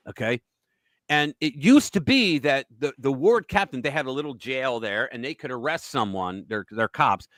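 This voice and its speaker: A man's voice: medium pitch, fairly bright tone, no echo. A man hosting a casual political talk livestream, rambling through stories bluntly and with profanity. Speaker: host.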